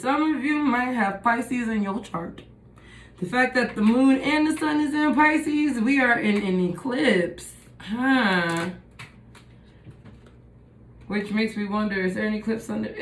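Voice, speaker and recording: A woman's voice: fairly high pitch, a little hiss or hum. A woman giving a casual tarot reading, musing and thinking aloud as she turns over the cards. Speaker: tarot reader. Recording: echoey room.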